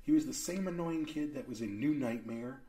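A man's voice: medium pitch, normal speed, mellow. A man co-hosting a casual movie review chat, wry and teasing with dry jokes. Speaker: podcast co-host.

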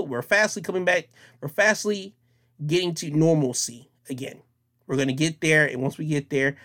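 A young man hosting his own podcast, signing off in a casual, rambling way, repeating himself. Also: medium pitch. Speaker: podcast host.

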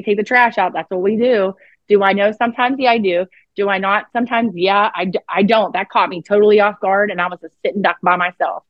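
A woman's voice: mid-range voice, no room sound, highs cut off. A woman telling a story as a psychic guest on an interview podcast, blunt and profane, acting out what people said. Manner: blunt, profane, acts out quoted dialogue.

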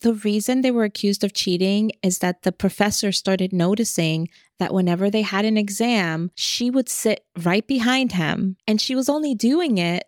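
A woman's voice: medium pitch, normal speed, few pauses, no echo, clean studio sound. A woman co-hosting a podcast, recapping a book in casual, joking chat with a sarcastic edge. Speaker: podcast co-host.

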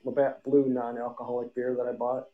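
A man's voice: mid-range voice, flat delivery, fairly quick, phone-quality sound. A man co-hosting a casual podcast chat, loose and rambling, swearing and joking, with the hiccups. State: has the hiccups. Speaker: podcast co-host.

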